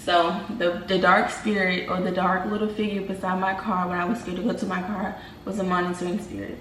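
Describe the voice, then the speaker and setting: A young woman vlogger casually telling viewers about a dream, animated and slangy, talking to them as y'all. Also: on the low side, fairly quick, slight background noise. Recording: roomy, from a distance, faint ambience.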